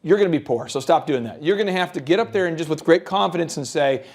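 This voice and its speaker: A man from the American Midwest hosting a business show, giving animated sales advice and acting out pitches. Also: fast, hardly any pauses. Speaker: host, business coach. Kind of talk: energetic business advice talk.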